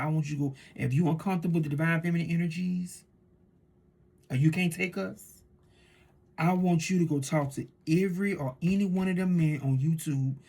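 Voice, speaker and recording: A low-voiced woman who reads tarot delivers a casual spiritual monologue that is fervent and preachy. She swings between loud declarations and hushed asides.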